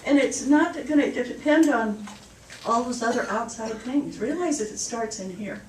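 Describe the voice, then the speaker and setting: A woman minister preaches in a church hall in a chatty, storytelling style, laughing at her own jokes. Her voice is fairly high at a moderate pace; the hall is echoey, the mic far off, with a little hiss or hum.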